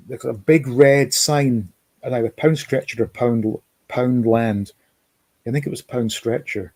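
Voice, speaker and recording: Streaming from his home in America, a livestream host from Scotland chats loosely, reads out viewer comments and reminisces. He has a mellow, mid-range voice with a breathy edge, and there's no room sound.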